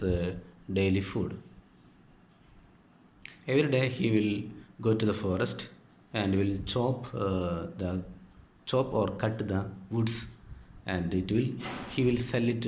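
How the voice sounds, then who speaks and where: A man with an Indian English accent, a teacher patiently telling a story to his students step by step, with frequent pauses. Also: fairly low pitch, darkish tone. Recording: echoey room with faint ambient noise.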